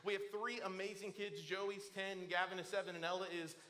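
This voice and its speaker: A man's voice: sits high, a little fast, very noisy. A middle-aged man preaching a sermon to a church, telling family stories and acting out the voices of the people in them. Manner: storytelling, animated, acts out quoted voices. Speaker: pastor. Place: church auditorium.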